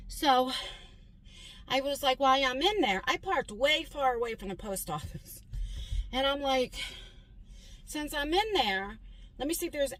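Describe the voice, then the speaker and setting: A woman's voice: fairly high pitch, a bit bright, poor audio. Chatty woman vlogging from her car. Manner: rambling, chatty, self-correcting. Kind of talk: casual chat. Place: in a car and out running errands.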